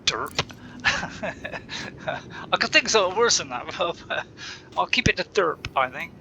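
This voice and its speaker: A man's voice: high-pitched, animated, slow, pushed and bright, slight background noise. A man rambling casually through gameplay commentary, chatty and laughing often, talking to himself. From Bristol, England. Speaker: gaming channel host.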